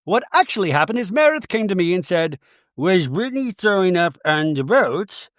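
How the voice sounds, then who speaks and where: A man doing a high, indignant impression of a reality-TV woman defending herself to the camera. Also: very animated, moderate pace, a bit bright, no room sound, clean studio sound.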